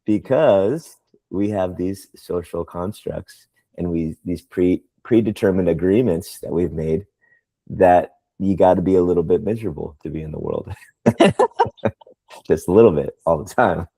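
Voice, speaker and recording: A man in a casual spiritual group discussion, an animated storyteller on a video call. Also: low-pitched, unhurried, vocal fry, breathy edge, no room sound. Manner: animated storyteller, mimics baby talk.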